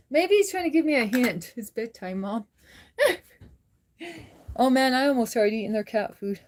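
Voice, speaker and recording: A woman's voice: a little high, expressive, unhurried, long pauses, slight background noise. A worn-out woman hosting a casual livestream chat, laughing often and answering viewers' comments. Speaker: livestream host.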